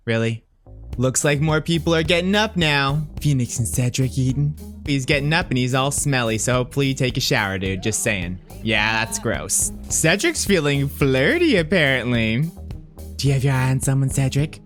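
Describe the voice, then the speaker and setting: Man, playful game commentary, animated pitch, teasing, faint background music. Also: normal speed. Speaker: gameplay commentator.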